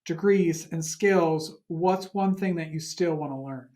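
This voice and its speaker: A podcast host from northern Wisconsin asks questions in a relaxed, conversational way. The tone is friendly and curious, and the voice sits at a middling pitch. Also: unhurried. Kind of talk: casual interview questions.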